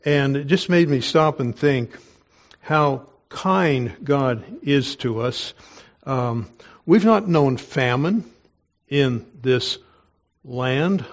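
Earnest male preacher, explanatory, reads scripture slowly, mid pitch, mildly dull recording. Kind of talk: expository Bible sermon.

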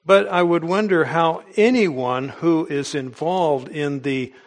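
A man's voice: on the high side, slow pace. A man preaching a sermon in an earnest, emphatic way, with small restarts as he goes. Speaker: pastor.

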